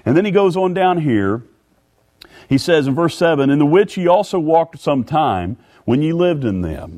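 A middle-aged man preaching a sermon in a folksy way, stumbling over repeated words and rising in pitch when reading scripture. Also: darkish tone. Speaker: pastor.

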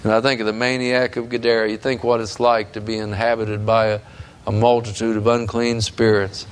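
A man's voice: lowish voice, level tone, a little fast, a little hiss or hum. A man preaching a sermon in a fervent, emphatic way that builds in intensity.

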